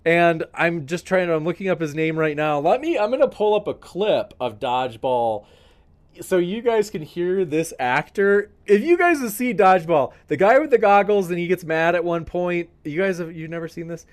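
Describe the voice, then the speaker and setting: A man's voice: high voice, lively intonation, moderate pace. A man hosting a live-streamed debate podcast, chatting in a rambling, enthusiastic way and talking straight to his viewers. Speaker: debate show host.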